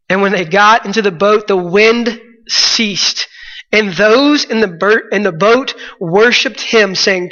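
Man, preacher, sermon, high bright voice, earnest, repeats phrases, dull sound, church hall echo. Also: normal speed.

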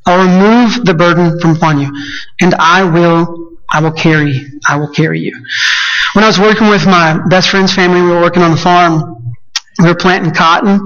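A man preaching a sermon as pastor, telling a story and rising to emphatic, slowed peaks. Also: a bit bright, muffled recording. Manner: builds to high emphatic peaks, slows for stress.

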